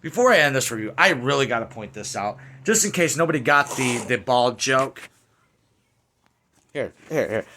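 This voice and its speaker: A man's voice: medium pitch, lively intonation, fairly quick, few pauses, noisy background. A man giving an angry, profane rant while reviewing a horror film. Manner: profane, ranting, heated. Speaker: movie reviewer.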